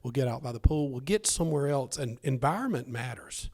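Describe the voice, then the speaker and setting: A man speaking on a business panel, an excitable storyteller who jokes as he talks about ideas and communication with his wife. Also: mid-range voice, fairly quick. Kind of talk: casual panel talk.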